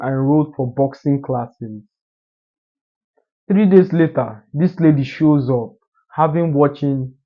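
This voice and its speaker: A man giving an assertive, emphatic motivational monologue in a lecturing manner. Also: a little high. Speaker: social media commentator. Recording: dull lo-fi recording.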